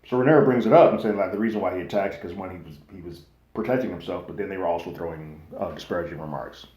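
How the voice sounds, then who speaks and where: A man hosting a casual, slangy TV recap and review, animated and loosely acting out what characters say. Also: sits low, rapid-fire. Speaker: TV recap host. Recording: echoey room.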